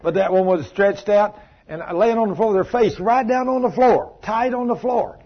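Brief: fervent man preaching, husky, fairly high voice, dull lo-fi. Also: normal speed. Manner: fervent, emphatic, tells stories with acted quotes. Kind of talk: sermon.

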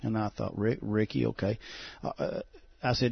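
A pastor telling a testimony as a guest on a talk show, halting and full of "uh" fillers. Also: male voice, lowish voice, flat delivery, creaky, breathy edge, no room sound. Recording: dull, muffled sound.

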